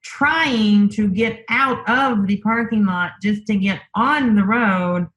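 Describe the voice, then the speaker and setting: Slow-spoken woman telling a story. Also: mid-range voice, fairly bright tone, muffled recording. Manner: unhurried, thinks aloud with many fillers. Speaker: interview guest. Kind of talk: casual conversational storytelling.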